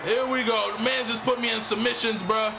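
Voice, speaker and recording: A young man giving excited, slang-heavy commentary while playing a wrestling video game, repeating himself and shouting as he reacts. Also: extremely high pitch, moderate pace, vocal fry, noisy background. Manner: hyped, repetitive slang talk. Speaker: gaming YouTuber. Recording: game music underneath.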